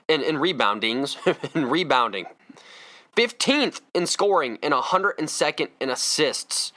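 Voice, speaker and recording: A man's voice: on the high side, sharp tone. A man hosting a solo sports podcast, ranting in a fired-up, emphatic way. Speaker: podcast host.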